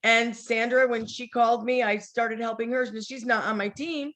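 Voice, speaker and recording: A woman's voice: fairly high pitch, steady tone, moderate pace, fairly bright tone. A woman leading a casual team training call over video, chatty and encouraging, sometimes acting out sample conversations. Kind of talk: casual motivational training talk.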